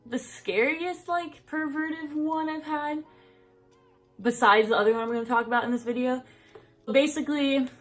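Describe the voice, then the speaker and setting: A young adult woman telling personal stories in casual vlog chat, rambling, full of "like" and quick laughs. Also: medium pitch. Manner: rambling, fills speech with "like", laughs often. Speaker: vlogger.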